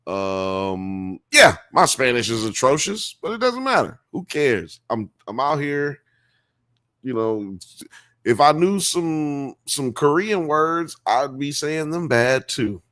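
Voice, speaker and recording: A man's voice: mid-range voice, big pitch swings, slow, a bit bright, dry recording, studio quality. A man hosting a live podcast, reading chat comments aloud in a rambling, profane way and laughing often. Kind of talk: casual live-stream chat.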